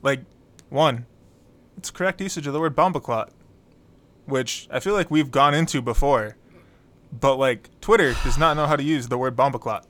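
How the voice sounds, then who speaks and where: Male co-host, mid-pitched, relaxed, casual profanity. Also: normal speed, long pauses. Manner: laid-back, swears casually, stammers on restarts. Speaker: podcast co-host. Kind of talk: casual album review chat.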